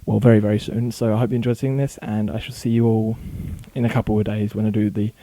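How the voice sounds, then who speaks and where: A man talking casually in his bedroom for a home vlog, rattling off a long list quickly, with small slips and corrections along the way. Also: on the low side, flat delivery, mellow, dry recording. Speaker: video blogger.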